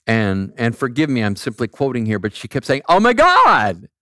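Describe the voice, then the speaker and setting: A man's voice: mid-range voice, brisk, dry recording, studio quality. A man, preaching a sermon in a conversational, storytelling way, often checking in with rhetorical questions. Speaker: pastor.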